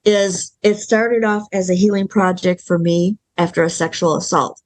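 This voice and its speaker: A woman filmmaker answers questions in a casual interview. Her speech is thoughtful and halting. She often stops mid-word and starts over. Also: fairly low pitch, little pitch movement. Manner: thoughtful, halting, with many restarts and ums. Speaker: filmmaker guest.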